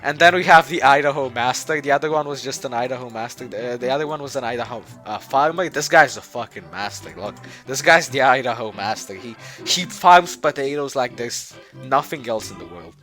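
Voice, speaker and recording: A man's voice: mid-range voice, lively intonation, brisk, few pauses, a bit bright, soft background music. A man presenting his game project in a loose, rambling way, full of fillers and restarts, often chuckling. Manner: chuckling, offhand. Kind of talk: joking game showcase.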